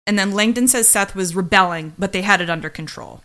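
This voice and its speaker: Bright-voiced young woman, playful recap chat. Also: mid-range voice, fairly even intonation, brisk, hardly any pauses. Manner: playful, dramatic asides, jokey. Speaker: podcast co-host.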